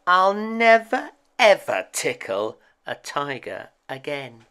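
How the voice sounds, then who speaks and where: A man's voice: on the high side, big pitch swings, takes it slowly, bright, forceful tone, clear, resonant tone, exaggerated voice. A man voicing a fidgety, cheeky little schoolgirl in a read-aloud picture book. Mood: sheepish. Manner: exclaiming, indignant.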